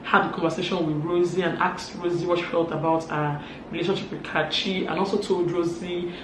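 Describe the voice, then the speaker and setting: A woman's voice: fairly low pitch, steady tone, brisk, background noise. A woman with a Nigerian accent, chatting through a casual, gossipy recap of a reality show. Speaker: vlogger. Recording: echoey room.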